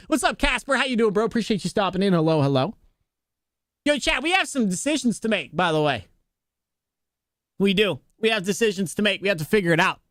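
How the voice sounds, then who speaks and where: A young man chats casually with his stream viewers while gaming, relaxed and jokey, his voice jumping up when he teases. His voice sits a little high for a man. The sound is dry and close to the mic. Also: brisk, no room sound. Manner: laid-back, jokey, talks to chat, playful pitch jumps on jokes.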